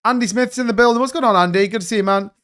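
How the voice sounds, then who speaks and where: With a smooth, high voice, a young man runs a crypto live stream, chattering fast and eagerly. Casual and rambling, he reads comments from his viewers.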